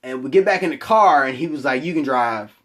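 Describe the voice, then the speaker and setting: A man's voice: medium pitch, lively intonation, fairly quick, fairly bright tone. A young man telling a personal story to his camera in a rambling, profane, self-mocking way. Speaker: vlogger.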